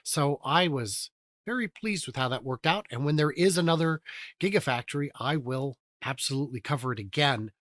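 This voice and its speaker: A man's voice: medium pitch, animated, brisk, fairly bright tone, dry recording. A man hosting a casual chat, joking and self-deprecating. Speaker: host.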